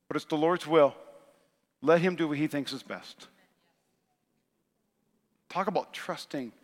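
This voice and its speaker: A pastor in his forties preaches in a lively storytelling way, acting out what people said and dropping to a near hush for his key lines. His voice sits high for a man and rings bright and sharp. A handheld mic carries it into a large church hall with a long trailing reverb. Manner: storytelling, acting out quotes, swings from loud to hushed. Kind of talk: sermon. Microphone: handheld microphone.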